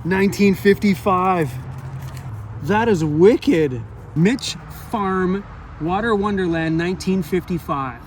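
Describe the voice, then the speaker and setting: This high-pitched van life vlogger takes his time, chatting brightly and laughing often as he unpacks parcels outdoors in a park next to a parking lot. There's slight background noise in the casual vlog.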